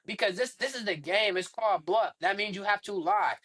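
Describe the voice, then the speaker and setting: A man co-hosting a casual reaction podcast, talking in a relaxed, slangy way and saying "bro" a lot. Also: high-pitched, fairly quick. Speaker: podcast co-host.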